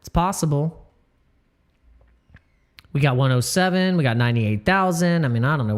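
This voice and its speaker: A man's voice: on the high side, lively intonation, moderate pace. Rambling, slangy crypto stream host man. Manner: rambling, slangy, repeats himself, jokes with chat. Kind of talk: casual live-stream chat.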